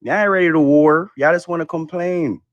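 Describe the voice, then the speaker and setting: A man's voice: a little high, a little fast, dry recording, highs cut off. A man with a Caribbean accent arguing bluntly and repetitively as a guest in a heated live debate. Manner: blunt, repetitive, dialect grammar. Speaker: panel guest.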